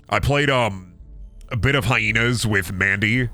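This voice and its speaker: A man's voice: fairly low pitch, a little slow, dry recording. A young man streaming a game, casually telling a long rambling anecdote with many fillers and curses. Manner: rambling, animated anecdote with lots of fillers and swearing.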